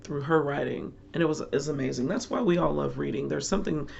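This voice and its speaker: A middle-aged woman chatting casually as a book vlogger, rambling warmly through her thoughts and laughing along the way. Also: sits low, quick pace, creaky, dull audio, a little hiss or hum. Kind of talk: casual chat.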